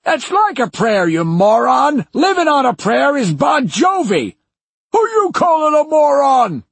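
A man voicing rowdy elderly men who shout and bicker in high, strained voices in an audiobook. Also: wildly swooping pitch, unhurried, vocal fry, no echo, full character voice. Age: older. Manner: shouting, high-pitched and cranky. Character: bunch of rowdy old men shouting song requests.

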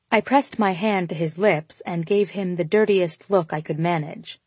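A woman reading a first-person romance story aloud, intimate and expressive, voicing the dialogue as she goes. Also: lowish voice, normal speed, few pauses, slightly rough, dry recording. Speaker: audiobook narrator.

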